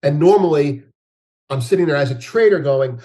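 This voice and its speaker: A man's voice: a little high, expressive, normal speed, mellow. A man speaking as a guest market analyst in an interview, talking in a rambling way with frequent restarts and fillers. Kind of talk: conversational interview.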